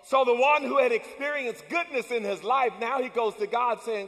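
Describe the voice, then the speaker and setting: A man preaching a sermon as pastor, with call-and-response lines that build up to shouts. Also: very high-pitched, normal speed. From United States. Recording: long church hall reverb.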